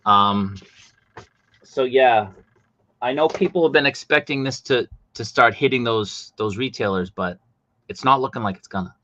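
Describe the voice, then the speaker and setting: Animated male livestream host. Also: moderate pace, highs cut off, slight background noise. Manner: animated, voice jumps high when exasperated. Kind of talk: casual livestream chat.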